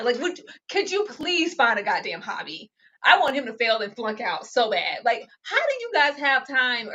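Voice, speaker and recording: A high, bright-toned woman recaps a TV show with big swings in pitch. She dramatizes the characters' lines with gusto, and her slightly husky voice comes through dull, lo-fi audio. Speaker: show co-host. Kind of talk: casual TV recap chat.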